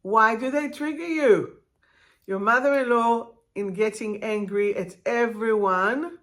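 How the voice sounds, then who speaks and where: A woman spiritual life coach talking live to her viewers, expressive and direct, drawing out her words and asking them questions. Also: fairly high pitch. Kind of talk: live-stream talk to viewers.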